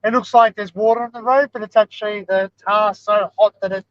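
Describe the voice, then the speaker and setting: High-voiced Australian man chatting in a car. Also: fairly even intonation, fairly quick, no echo. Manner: jokey, playful. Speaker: live stream host. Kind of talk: casual chat while driving. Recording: dull lo-fi car stream.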